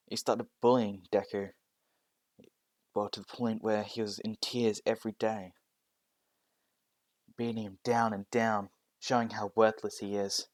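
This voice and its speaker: A man's voice: on the low side, dry recording. A man narrating a fan story casually, hesitant, often restarting with fillers.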